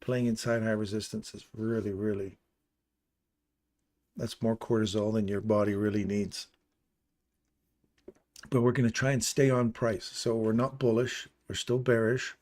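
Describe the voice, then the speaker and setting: A man's voice: fairly low pitch, flat delivery, measured pace, pauses often, darkish tone. A man hosting a live trading stream, casually walking through chart levels and explaining entries as he points them out.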